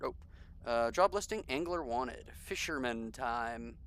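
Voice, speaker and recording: A man's voice: mid-range voice, animated, slow pace, fairly bright tone, clear, resonant tone. A man giving casual gameplay commentary, jokey and sarcastic, reading the game text aloud as he plays. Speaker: gaming streamer.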